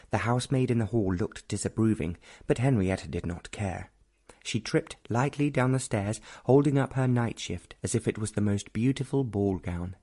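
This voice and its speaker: A male narrator reads an audiobook in a measured, even storytelling manner. His voice is low and slightly husky. The reading stays steady and unhurried.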